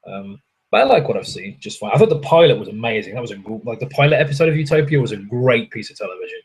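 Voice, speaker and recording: A man's voice: mid-range voice, sing-song, fast, breathy edge, poor audio. A young adult man, hosting a casual livestream from a hotel room and answering chat in a rambling way, swearing freely and poking fun at himself.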